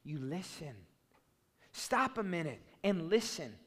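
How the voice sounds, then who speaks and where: A pastor preaching a sermon, passionate and fired up, swinging from loud bursts to soft, low asides. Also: male voice, very animated, slow, big-room sound.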